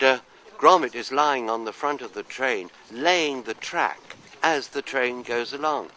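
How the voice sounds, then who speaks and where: Bright-voiced older man from London. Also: medium pitch, poor audio. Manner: chatty, anecdotal, self-deprecating. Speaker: actor interviewee. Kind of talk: casual interview answers.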